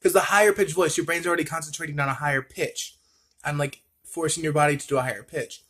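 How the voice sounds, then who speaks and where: Male vlogger, a bit high-pitched, rambling casual chat, self-mocking, drills tongue twisters. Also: steady tone, fast talker, bright, forceful tone, husky. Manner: rambling, chatty, laughs at himself, repeats tongue twisters.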